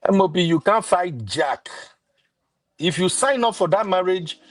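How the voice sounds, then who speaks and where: A man's voice: high-pitched, lively intonation, unhurried, no echo, studio quality. A man with a Nigerian accent arguing as a panelist in a heated debate, often cutting in. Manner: interjects, calls the host by initials.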